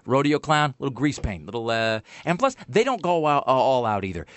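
A man's voice: mid-range voice, big pitch swings, normal speed. A man hosting a radio talk show, chatting and joking with many fillers and restarts into a close studio mic.

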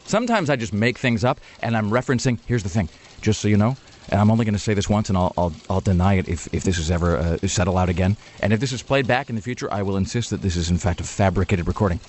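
A man's voice: on the low side, fast talker, darkish tone, slight background noise. A man hosting a talk radio show, telling rambling, sardonic stories in casual banter. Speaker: radio host.

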